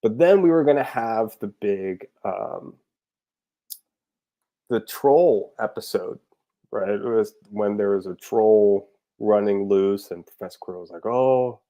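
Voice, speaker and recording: A man's voice: lowish voice, measured pace, dark tone. A man chatting casually about his parody episode ideas, loose and rambling with lots of fillers, chuckling at his own jokes. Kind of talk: casual rambling talk to camera.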